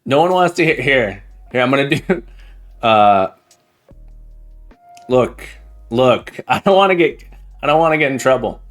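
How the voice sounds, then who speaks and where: A man hosting a live coding stream, chatting excitedly and jokingly with viewers, often repeating words and restarting his sentences. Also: mid-range voice, measured pace, long pauses, faint music behind. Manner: laughs often and jokes with chat. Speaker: livestream coding host. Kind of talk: casual live-stream chat while coding.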